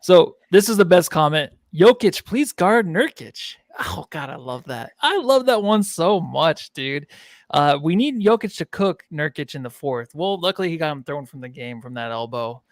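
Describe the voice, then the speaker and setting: A man's voice: a little high, animated, moderate pace, no room sound, studio quality. A man co-hosting a casual sports podcast, joking and goofy, swearing freely. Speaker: podcast co-host.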